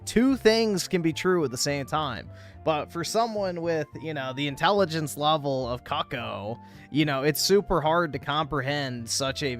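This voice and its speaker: A man's voice: fairly high pitch, fairly bright tone. A man streaming live, commenting on a clip in a crude, mocking way with casual swearing.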